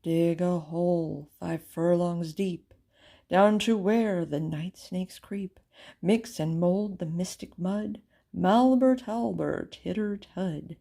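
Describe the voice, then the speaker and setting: A woman reading a storybook aloud, voicing a group of mysterious magicians who chant a spell in a slow, sing-song rhythm. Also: sits high, gravelly, darkish tone, breathy edge, heavily acted.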